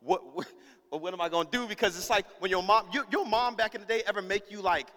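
Animated high-voiced pastor telling a story. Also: male voice, fast, long reverb tail. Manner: animated, acts out every character in the story; casual slang-heavy delivery. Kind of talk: storytelling sermon.

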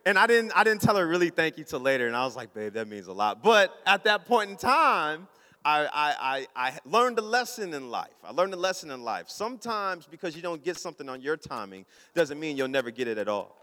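A man preaching a storytelling sermon, acting out his own thoughts and his wife's replies in a lively, casual way. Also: a little high, fairly quick, in a large hall. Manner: animated, acts out his own inner voice and his wife's.

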